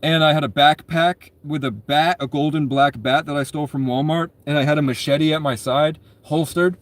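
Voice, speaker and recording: A man's voice: fairly high pitch, steady tone, moderate pace. Man, twenties, casual storyteller; rambling, profane delivery, constant self-corrections. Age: 20s.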